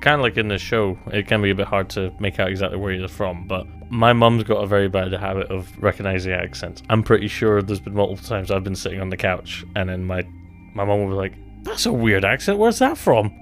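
A man's voice: low voice, little pitch movement, fast talker, soft background music. A man co-hosting a casual podcast chat about a TV series, rambling and self-deprecating, often restarting his sentences. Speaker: podcast co-host.

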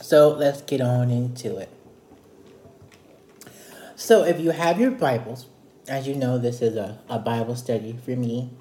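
A man's voice: medium pitch, a little slow, long pauses, mellow, reverberant. A man leading a casual Bible study, retelling scripture in a chatty, playful way. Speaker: Bible teacher.

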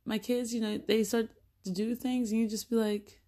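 A woman's voice: a little high, brisk. A woman in her thirties, a mother, talking casually and animatedly, acting out little exchanges with her children as she tells stories. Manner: chatty, animated, acts out little dialogues with her kids. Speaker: mother sharing parenting stories. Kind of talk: casual monologue.

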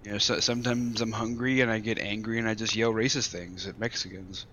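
A man's voice: fairly low pitch, steady tone, a little fast, pushed and bright, a little hiss or hum. A man in casual chat, tossing in dry, sarcastic jokes.

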